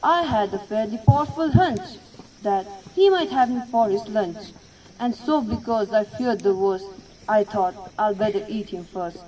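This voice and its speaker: Smug, self-satisfied pig from a storybook poem, as a woman reciter puts him on, slow and distant from the mic. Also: medium pitch, darkish tone, slight background noise, lightly acted. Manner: smug, matter-of-fact. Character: smug clever pig, male, unrepentant.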